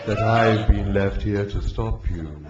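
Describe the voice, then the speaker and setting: Gloomy male robot, low and dragging, deadpan, voiced by a male reader; echoey hall. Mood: mournful. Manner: slow, deadpan, mournful delivery. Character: gloomy, depressed male robot, slow and weary. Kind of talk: live story reading. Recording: echoey hall, dull muffled sound, noisy.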